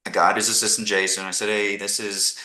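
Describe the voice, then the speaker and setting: A middle-aged man from Canada, a podcast guest telling animated stories and acting out the people he quotes. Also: fairly low pitch, brisk, echoey room, rough recording. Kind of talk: casual storytelling interview.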